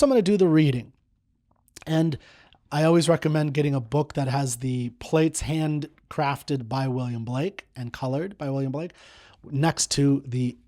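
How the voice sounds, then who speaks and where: A middle-aged man teaching poetry, reading a poem slowly and then explaining it in an earnest way that repeats words for stress. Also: medium pitch, darkish tone.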